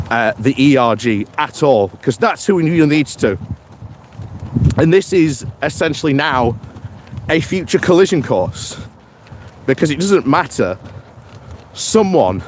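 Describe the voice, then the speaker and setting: Man, British, live-stream host, unhurried rambling delivery, fillers, faint background noise. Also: on the high side. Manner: slow, rambling, with frequent fillers. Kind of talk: casual live-stream commentary reading viewer comments.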